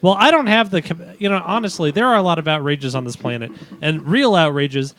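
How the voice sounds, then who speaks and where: Lively bright-voiced podcast storyteller man. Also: fairly high pitch, fairly quick, a little hiss or hum. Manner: animated storyteller, mimics voices. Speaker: podcast co-host. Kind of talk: crude casual banter.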